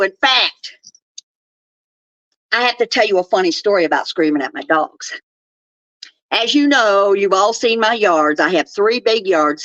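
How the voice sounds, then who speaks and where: A woman's voice: on the low side, a bit bright, dry recording, lo-fi sound. An older woman from Texas, hosting her own show with blunt, profane, scolding rants. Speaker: show host. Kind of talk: ranting commentary.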